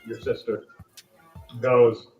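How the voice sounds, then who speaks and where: A man narrating as game master in a relaxed, chuckling way. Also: medium pitch, takes it slowly, soft background music. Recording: distant, dull roomy mic.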